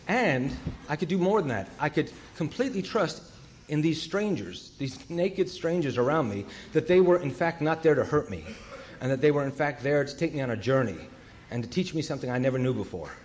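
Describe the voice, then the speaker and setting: A man sharing his recovery story in a humorous, animated way, jumping between loud outbursts and hushed asides. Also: medium pitch, a little hiss or hum.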